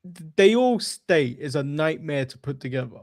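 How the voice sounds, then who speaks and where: A man's voice: fairly high pitch, expressive, moderate pace, darkish tone, dry recording, clean studio sound. An English man co-hosting a podcast, rambling in casual chat with many hesitations. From England. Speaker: podcast co-host.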